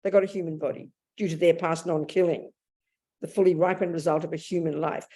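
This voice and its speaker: A woman's voice: deep voice, steady tone, fairly quick, warm tone. A woman in her seventies, a Buddhist nun teaching a dharma talk in a blunt, plain-spoken way, often restarting her sentences and acting out inner thoughts. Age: 70s. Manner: acts out inner speech vividly.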